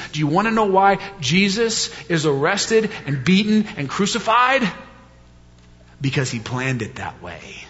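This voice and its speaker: High-voiced preacher in a reverberant hall. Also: male voice, fairly bright tone. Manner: conversational, with rhetorical questions and emphatic repeats. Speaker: pastor. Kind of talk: sermon. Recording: reverberant hall, dull lo-fi sound.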